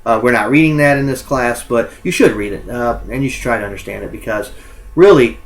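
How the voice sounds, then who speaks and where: A man's voice: medium pitch, fairly quick, poor audio. A male college English instructor giving a recorded lecture. He fills his speech with ums and uhs and corrects himself as he goes.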